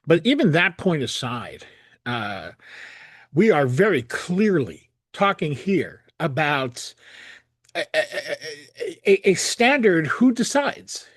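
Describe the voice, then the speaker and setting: Male analysis host, emphatic and scornful, restarts often, lively delivery, dead-dry room. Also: fairly high pitch, slow, no room sound. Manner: indignant, sarcastic, emphatic with frequent restarts. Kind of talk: solo commentary reading and critiquing a document.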